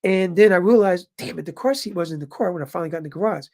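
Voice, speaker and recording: A man in his fifties telling his viewers a story in a casual, animated way and calling them brothers. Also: high voice, racing. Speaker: vlogger living in Japan.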